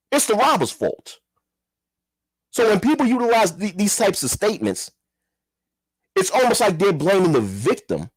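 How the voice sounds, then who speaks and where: A man's voice: a little high, breathy edge, no room sound. A man giving a heated, profane commentary rant, repeating himself and firing rhetorical questions. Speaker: commentary vlogger. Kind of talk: ranting commentary.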